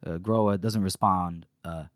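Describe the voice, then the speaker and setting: A young man with a deep, low voice co-hosts a podcast. He casually retells scenes from a book and slips into bits of the characters' dialogue as he goes. The sound is close and dry, with little room around it. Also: fairly even intonation, measured pace, no room sound. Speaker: podcast co-host.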